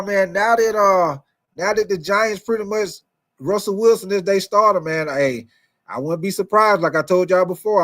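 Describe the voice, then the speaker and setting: A man hosting a casual sports talk show, talking energetically and calling out to his viewers. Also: high-pitched. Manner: energetic, repetitive, calls out to viewers with 'y'all' and 'man'.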